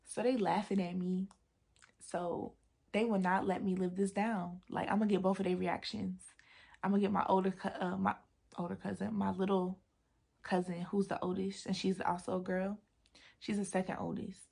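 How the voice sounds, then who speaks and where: A young adult woman telling a casual storytime vlog from her desk at home, animated and slangy, laughing often. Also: mid-range voice, normal speed, gravelly, breathy edge. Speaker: vlogger.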